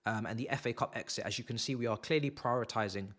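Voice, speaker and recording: A young man hosting a live football watch-along, talking sarcastically and swinging between muttered asides and loud rants. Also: mid-range voice, fast.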